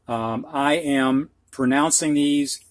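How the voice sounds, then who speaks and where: A man's voice: on the high side, slow pace, no room sound. A middle-aged man with a Midwestern accent teaching a phonics lesson, patient and repeating each word twice. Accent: Midwestern US (Ohio, Michigan). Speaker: reading teacher.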